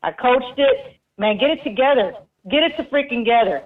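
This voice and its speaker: A woman's voice: fairly high pitch, animated, brisk. A woman with a Houston accent calling in to a sports show, ranting emphatically and swearing freely. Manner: fired up, profane, emphatic, ranting. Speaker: caller. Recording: tinny phone line.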